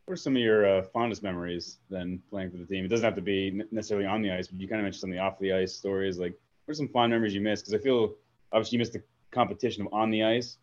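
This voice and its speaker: A man hosting an interview, asking loose, quick questions. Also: fairly low pitch, steady tone. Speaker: host. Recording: dull lo-fi sound.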